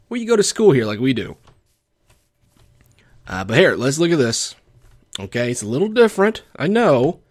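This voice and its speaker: A man's voice: mid-range voice, big pitch swings, normal speed, long pauses. A young adult man with a Texan accent, rambling wryly and chattily as he comments on his own gameplay. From Texas. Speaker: let's play gamer.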